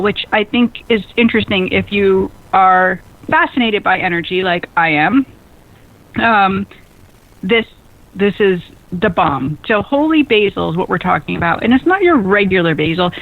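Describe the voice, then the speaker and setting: A woman hosting a radio show, chatty and excitable, quick to laugh. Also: mid-range voice. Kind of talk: lively casual radio chat. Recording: phone-like narrow band radio sound.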